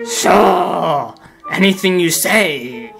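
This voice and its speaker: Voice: mid-range voice, lively intonation, drawn-out words, gravelly, exaggerated voice. A reader voicing a treacherous German pilot with a German accent. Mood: sneering. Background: background film-score music.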